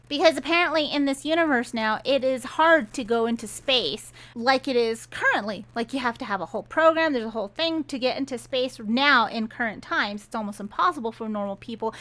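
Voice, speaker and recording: A woman's voice: on the high side, a bit bright. A woman reviewing a book in a sarcastic, exasperated rant, retelling the plot.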